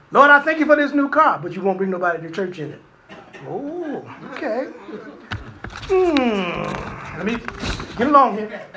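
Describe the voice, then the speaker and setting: A male preacher delivering a sermon, telling stories animatedly and acting out voices. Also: high voice. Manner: animated storytelling, acts out voices, laughs often.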